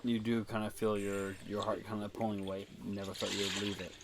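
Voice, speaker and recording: Fields: sex, man. Role: game master. Style: rambling second-person narration of a tabletop game. Pitch: low. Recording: noisy home setup. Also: little pitch movement, fast talker.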